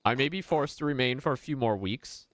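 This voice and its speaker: A man voicing a courteous male merchant from Italy in a video game, with a measured, formal way of talking. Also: medium pitch, expressive, no echo, pitched above the performer's own voice, lightly acted, low-quality recording. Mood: genial.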